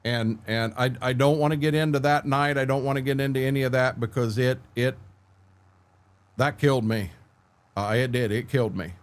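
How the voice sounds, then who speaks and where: A middle-aged man, hosting a casual livestream from home. He tells candid, meandering stories, often restarting his sentences, and answers his viewers by name. His voice sits in an ordinary middle pitch. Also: fairly even intonation, normal speed. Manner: rambling, candid storytelling, frequent restarts, answers chat by name. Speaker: livestream host.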